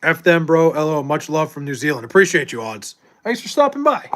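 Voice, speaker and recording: A man's voice: fairly high pitch, huge pitch swings, fairly quick, fairly bright tone. A young adult man streaming live, chatting casually with viewers and reading chat, loose and profane with frequent laughs.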